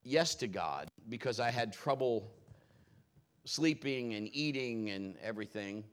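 A man's voice: medium pitch, lively intonation, measured pace. A male pastor preaching a conversational storytelling sermon in a folksy, personal way with rambling asides.

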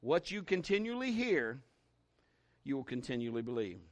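A man's voice: mid-range voice, big pitch swings, moderate pace. A man preaching a sermon in a folksy, conversational way, acting out little stories and quoting scripture with emphasis. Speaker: pastor.

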